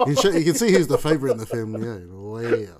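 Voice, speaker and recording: A man's voice: medium pitch, fast, a crowd in the background. A man co-hosting a podcast in casual chat, telling jokey stories and laughing often. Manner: animated, joking storyteller who laughs often. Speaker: podcast co-host.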